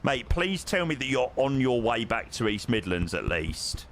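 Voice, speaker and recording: A man's voice: mid-range voice, big pitch swings, moderate pace, a bit bright, a little hiss or hum. A young man casually chatting with his live-stream viewers while flying a sim, matey and greeting people by name.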